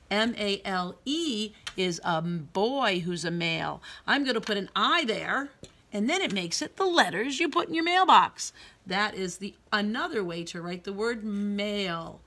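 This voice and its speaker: A woman preschool teacher leading a phonics lesson for young children, sounding out letters slowly in a sing-song way. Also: mid-range voice, bright, forceful tone, a little hiss or hum.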